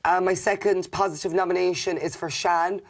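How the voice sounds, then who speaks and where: A young Irish man in a reality-show diary room, speaking gently and affectionately about friends in the house. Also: sits high, little pitch movement, moderate pace. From Ireland.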